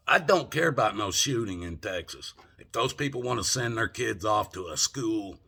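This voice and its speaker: A man's voice: medium pitch, vocal fry, sharp tone, husky. An older man ranting angrily from home, profane and indignant, firing off rhetorical questions. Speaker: vlogger. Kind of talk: angry political rant.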